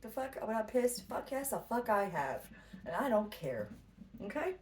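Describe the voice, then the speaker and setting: At normal speed, a very animated woman with a slightly high voice offers a casual spiritual pep talk in her role as a tarot reader. She's blunt, curses freely and laughs often. The mic sits far away and there's faint background noise.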